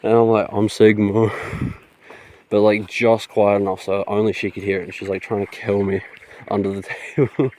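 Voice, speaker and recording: A young man tells a rambling story straight into his phone, laughing and swearing freely. His voice sits low and sounds mellow and relaxed, with nothing sharp in it. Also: moderate pace. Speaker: vlogger. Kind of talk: casual storytelling. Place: outdoors.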